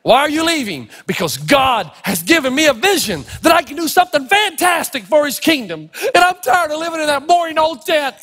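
A man's voice: extremely high pitch, very animated, moderate pace, long pauses, a bit bright, voice pushed up, full character voice. Abraham, a man playing a restless old patriarch. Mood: excited. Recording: echoey hall.

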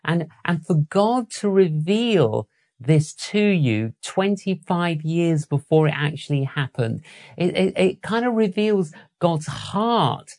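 Woman interviewer, very low voice, unhurried, affirming. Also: sing-song, a little mellow.

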